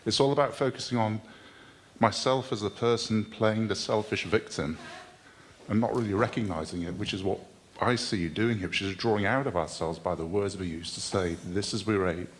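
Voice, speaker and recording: A man with a fairly low voice speaks up from the floor at a workshop. He is hesitant and thoughtful, and he restarts his phrases as he works out what he means. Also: moderate pace, slight background noise. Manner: hesitant and thoughtful, restarts while putting ideas into words. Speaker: workshop participant. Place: workshop hall with an audience.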